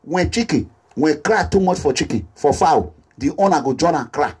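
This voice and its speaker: A man with a Nigerian accent making an impassioned social media appeal as a political activist, animated and repetitive, slipping into Pidgin English. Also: on the high side, moderate pace, slightly rough. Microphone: phone or camera selfie video.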